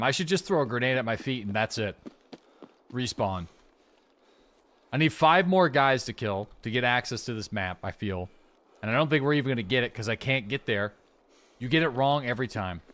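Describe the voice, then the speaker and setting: A man with a Prince Edward Island accent chats with his stream while gaming, middle-pitched and loose. He rambles, swears freely and keeps talking. The pace is casual and conversational. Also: animated, fairly quick, pauses often, fairly bright tone. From rural Prince Edward Island, Canada. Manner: rambling, swearing, self-described yapping. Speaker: game streamer.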